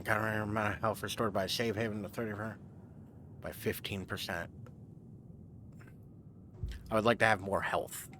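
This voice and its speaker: A man's voice: lowish voice, fairly bright tone, slight background noise. A man streaming a video game, chatting casually to viewers, rambling and self-deprecating with casual swearing. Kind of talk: casual let's-play commentary.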